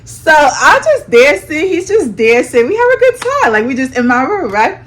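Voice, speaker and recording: Animated, dramatic young woman storyteller. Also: high voice, normal speed. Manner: animated, dramatic, slang-heavy, addresses viewers as y'all. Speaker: storytime vlogger. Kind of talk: casual storytelling.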